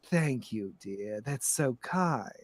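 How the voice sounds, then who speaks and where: A man voicing a sly old grandmotherly woman who leads a gang, talking slowly and softly with menacing politeness. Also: mid-range voice, animated, no echo, voice pushed down. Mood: sly polite. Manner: slow, soft, purring politeness.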